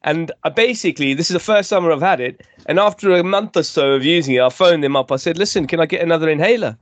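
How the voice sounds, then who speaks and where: A man's voice: a little high, quick pace. Man with a game show host flair. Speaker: podcast host. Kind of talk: casual chat among friends.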